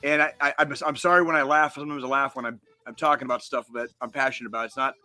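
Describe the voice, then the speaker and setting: A man's voice: mid-range voice, fairly even intonation, very fast, sharp tone. A man from the United States co-hosting a gaming podcast, ranting heatedly and swearing constantly in casual chat. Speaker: podcast co-host.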